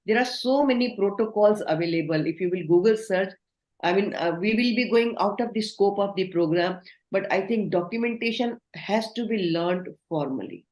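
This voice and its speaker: A woman's voice: medium pitch, moderate pace, darkish tone. A woman giving an online training lecture, instructive and asking the class questions. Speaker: communication trainer. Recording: roomy echo.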